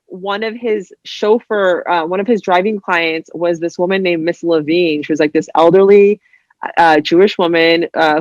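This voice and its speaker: A woman from New Jersey, a writer guesting on a podcast, telling stories in a casual, animated way, full of "like" and "you know," and acting out other people's voices. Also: fairly low pitch, no echo, muffled recording. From New Jersey, USA. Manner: heavy use of "like" and "you know". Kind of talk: casual interview storytelling.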